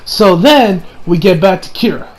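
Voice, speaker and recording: A man with a notably high-pitched voice talks through an anime episode he just watched. His recap is casual and excitable, full of restarts and casual swearing. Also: moderate pace, poor audio. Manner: excitable and rambling, swears freely, restarts sentences.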